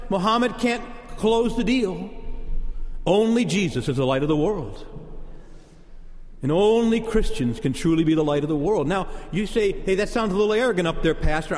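Emphatic preaching man in a reverberant church. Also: high-pitched. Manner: emphatic preaching, repeating key words for punch. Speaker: pastor. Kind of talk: sermon.

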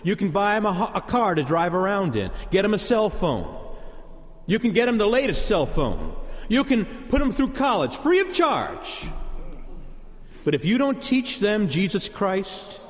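A man's voice: sits high, huge pitch swings, measured pace. Emphatic preaching man in a reverberant church. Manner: emphatic preaching, repeating key words for punch. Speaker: pastor. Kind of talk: sermon.

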